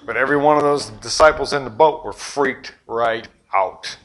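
A middle-aged man preaching a sermon, telling the story with great animation, jumping between loud exclamations and quiet asides. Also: mid-range voice, normal speed. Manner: animated storytelling, acting out voices and sound effects. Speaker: pastor.

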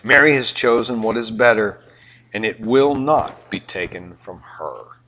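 An older man with a Southern US accent preaching a sermon, animated and joking with his congregation. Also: lowish voice, unhurried, poor audio. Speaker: pastor.

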